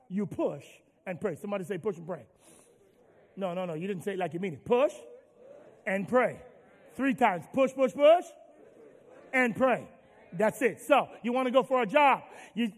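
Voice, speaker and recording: Pastor, male, high gravelly voice, call-and-response sermon in a reverberant hall. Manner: call-and-response preaching, swinging from soft to loud.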